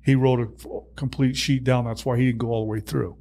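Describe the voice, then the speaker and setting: Older man, retired fire captain, animated storyteller, laughs often, acts out dialogue, mid-pitched voice. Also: a little fast. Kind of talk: storytelling in a podcast interview.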